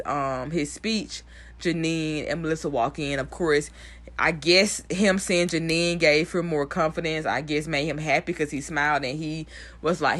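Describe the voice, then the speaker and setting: A young woman giving a blunt, animated recap of a TV episode, swearing freely. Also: sits low. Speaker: TV recap vlogger. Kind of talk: casual profane show recap.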